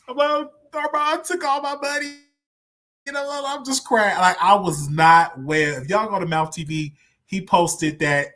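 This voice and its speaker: A man's voice: fairly high pitch, sharp tone. A man hosting a livestream, talking candidly and animatedly about his own past, often repeating himself for emphasis. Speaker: show host. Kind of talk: casual livestream commentary.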